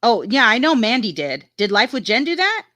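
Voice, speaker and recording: A woman's voice: a little high, very animated, moderate pace, bright, forceful tone, no echo. A woman casually chatting on a livestream, frank and talkative, reading viewer comments aloud. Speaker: livestream co-host reading chat.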